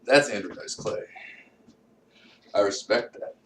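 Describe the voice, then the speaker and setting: A man's voice: lowish voice, a little slow, a bit bright, slight background noise. A man delivering a profane, rambling comedic monologue and talking to himself. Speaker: vlogger. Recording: roomy echo, distant from mic.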